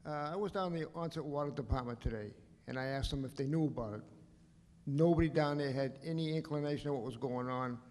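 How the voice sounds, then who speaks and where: Man, resident public comment, plain-spoken, mellow tone, echoey hall. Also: a little high, fast. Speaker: resident speaking from the floor. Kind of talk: public comment at a town meeting. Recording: echoey hall, faint room noise.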